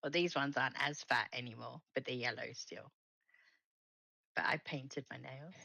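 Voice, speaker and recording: A woman's voice: extremely low pitch, moderate pace, gravelly, bright, forceful tone, dry recording. A woman hosting a casual craft livestream from home, chatting with viewers and laughing often. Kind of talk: casual chat.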